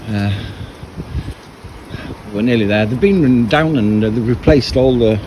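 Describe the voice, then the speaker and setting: A man's voice: mid-range voice, unhurried. A man gives a casual, rambling walking commentary outdoors at a marina. He often restarts his sentences. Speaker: vlogger and boat owner. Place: outdoors at a marina on a wet, windy day. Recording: loud wind noise on the mic.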